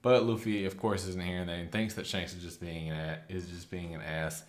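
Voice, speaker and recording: A man casually recapping a story, chatty and loose, slipping into quick quoted lines. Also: sits low, level tone. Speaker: anime recap host.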